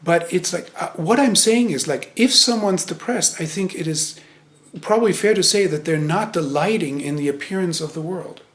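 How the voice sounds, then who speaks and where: Casting: male Zen teacher, slightly high voice, halting and reflective delivery, echoey meditation hall. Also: fairly bright tone. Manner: hesitant, searching, many restarts. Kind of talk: meditation talk.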